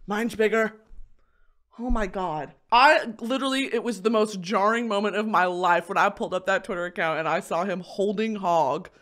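A young adult woman hosting a podcast, ranting in a crude, comedic, animated way with bursts of shouting and laughter. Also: medium pitch. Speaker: podcast host. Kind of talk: casual comedic podcast rant.

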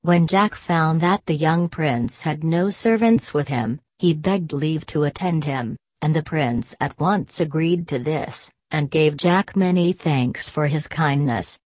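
Rich: a woman with a low voice narrating a bedtime audiobook, slow and soothing. The recording is dry and close. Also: darkish tone, dry recording.

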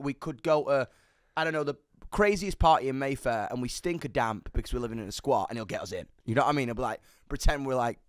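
Young man, animated storyteller, sweary, dry studio sound. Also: mid-range voice, dry recording. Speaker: musician guest. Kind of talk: candid storytelling chat.

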